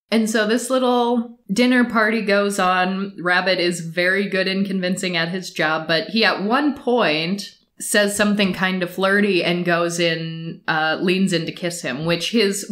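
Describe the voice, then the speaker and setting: Animated woman recapping a show. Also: on the low side. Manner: animated, laughing, acts out quotes in voices. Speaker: podcast co-host. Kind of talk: casual chat recapping a show.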